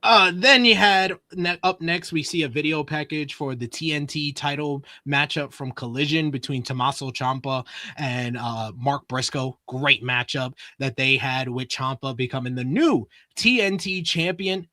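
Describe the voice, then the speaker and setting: A man co-hosting a wrestling review show, recapping episodes in casual chat with quick delivery and frequent laughter. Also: mid-range voice, bright, forceful tone, no echo, studio quality.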